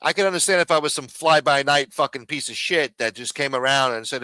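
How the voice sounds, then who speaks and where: Man, livestream host, combative and swearing, bright edgy voice, dry close sound. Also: mid-range voice, a little fast, few pauses, clean tone, no echo. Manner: profane and combative, many fillers and "bro"; repeats phrases and mutters asides. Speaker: live stream host. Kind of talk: casual livestream rant.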